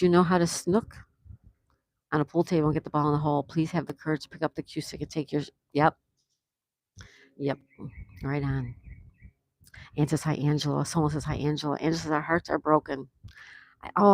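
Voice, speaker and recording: Woman, deep voice, live-stream host, reads chat comments aloud, outdoors on a phone. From USA. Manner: reads viewer comments aloud and chats warmly. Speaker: livestream host.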